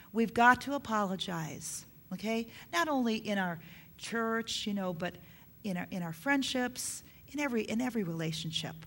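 A middle-aged woman preaching a sermon on parenting, earnest, repeating her key points for emphasis. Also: medium pitch.

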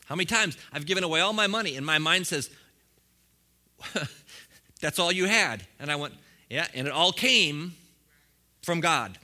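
A man preaching a sermon to a congregation, swinging from quiet asides to loud, fiery bursts with frequent chuckles. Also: on the high side, moderate pace, pauses often. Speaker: pastor.

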